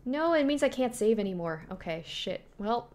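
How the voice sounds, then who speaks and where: A young woman streams a horror game, jumpy and panicked while being chased, talking to herself and reading text aloud as she plays. Her voice is on the high side, expressive and a little mellow at a moderate pace, with a little hiss or hum.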